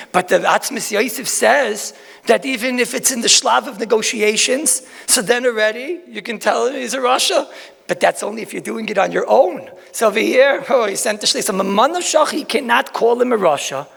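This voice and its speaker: Rabbi guy giving a talmud class, high gravelly voice, big echoey hall. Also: brisk. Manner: animated, folksy, with asides and rhetorical questions. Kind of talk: lecture to a crowd.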